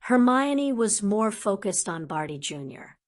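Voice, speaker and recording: A woman narrating an audiobook in a steady, unhurried storytelling manner. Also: medium pitch. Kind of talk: scripted narration.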